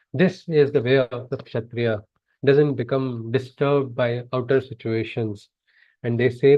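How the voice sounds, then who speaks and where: Man, earnest scripture lesson, chants verses, mid-pitched voice, dull call audio. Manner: earnest, chants verses then explains them. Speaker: spiritual teacher. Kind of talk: scripture discourse. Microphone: video call.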